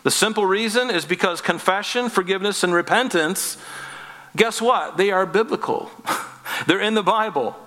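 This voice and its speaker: A man preaching with a bright, forceful tone and a voice a little higher than most men's. He drives his points home emphatically, with rhetorical questions and wry asides. His words ring out with a long reverb from a church hall. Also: normal speed. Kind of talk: sermon.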